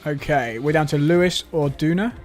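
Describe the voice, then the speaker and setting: A man's voice: fairly high pitch, normal speed, faint music behind. A man hosting a live stream, reading viewer comments aloud and adding wry asides.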